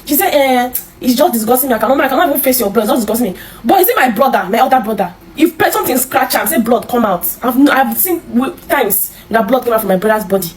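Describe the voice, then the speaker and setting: A Nigerian woman telling her own life story in an interview, halting and repeating herself, with many restarts. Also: fairly high pitch, animated, slight background noise, rough recording. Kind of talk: emotional personal storytelling.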